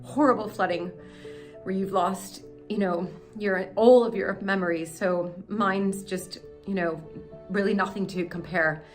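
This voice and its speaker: A woman's voice: medium pitch, steady tone, unhurried, faint music behind. An American woman hosting a vlog, talking in an emotional, rambling way while filming in a manor house cellar. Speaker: vlog host. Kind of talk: casual vlog talk. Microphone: handheld camera she is filming with.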